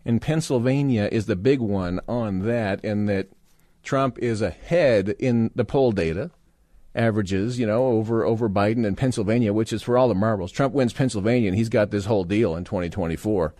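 A man's voice: fairly low pitch, normal speed, warm tone, no echo, clean studio sound. A man guest-hosting a political talk radio show, delivering a sarcastic, mocking monologue and mimicking voices.

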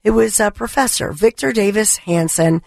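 A middle-aged woman hosting a talk radio show, her voice hoarse from allergies, delivering an impassioned, indignant monologue. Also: medium pitch, moderate pace, a little mellow, no room sound, studio quality. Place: radio studio. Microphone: studio microphone.

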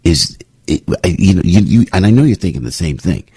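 A man's voice: animated, a little fast, mellow, husky, no echo, studio quality. An older man hosting a morning talk radio show, speaking frankly in a rambling, restarting way that keeps rising as he gets worked up. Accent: New York. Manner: gets worked up and rises in pitch.

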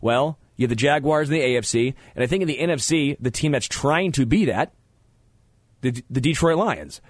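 Male sports talk host, animated and opinionated, average pitch, close dry studio mic. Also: normal speed, no room sound. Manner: animated, opinionated, stammers on restarts. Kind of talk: sports talk radio banter. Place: radio studio.

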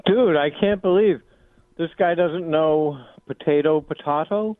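A man's voice: fairly high pitch, slow, dry recording. A man calling in to a radio show, chatty and meandering with hesitant fillers. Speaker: caller. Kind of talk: casual chat on call-in radio. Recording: tinny phone line.

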